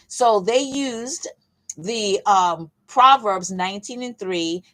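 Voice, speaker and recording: A woman coach leading a casual Bible teaching session, talking in a lively, conversational way with emphatic repeats and playful asides. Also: medium pitch, rough recording. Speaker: fitness coach and faith session leader.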